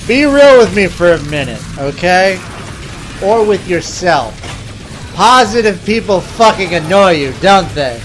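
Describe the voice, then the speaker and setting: A man in his thirties with a high voice gives a sarcastic comedic rant over gameplay. He tells his story in an animated way, with plenty of swearing. Faint music plays behind him. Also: unhurried. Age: 30s. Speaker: comedic commentator.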